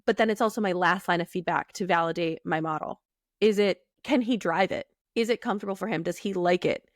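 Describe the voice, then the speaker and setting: Low-voiced woman, lively podcast co-host. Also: brisk, no echo, clean studio sound. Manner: animated, acts out quoted voices. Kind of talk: casual technical chat.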